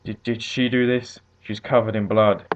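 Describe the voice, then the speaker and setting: A man's voice: low-pitched, normal speed, slight background noise, lightly acted. A man reading a story and voicing an injured businessman who wheezes and makes demanding accusations. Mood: alarmed. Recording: tinny phone-like audio.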